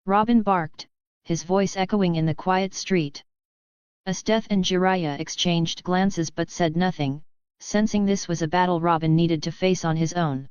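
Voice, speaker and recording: A woman narrating an audiobook in a steady, even reading manner. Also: lowish voice, a little slow, smooth, no echo, highs cut off.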